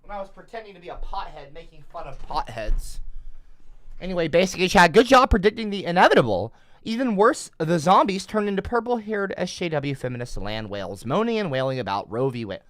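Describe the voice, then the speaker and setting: A man's voice: high voice, big pitch swings, a little fast, a bit bright, slight background noise. A man livestreaming, rambling defensively and swearing often. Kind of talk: casual livestream rant.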